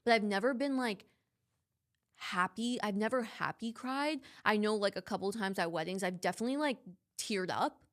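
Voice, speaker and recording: A woman's voice: medium pitch, moderate pace. A young woman co-hosting a podcast, talking in a reflective, casual way with lots of "like". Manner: reflective, heavy use of "like". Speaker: podcast co-host. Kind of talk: casual chat.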